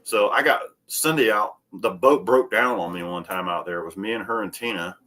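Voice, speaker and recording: A man's voice: lowish voice, brisk. A man telling casual stories in a chat, swearing freely and raising his voice to act out the people he quotes. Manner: profane, animated storyteller who acts out quoted people in a raised voice. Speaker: co-host.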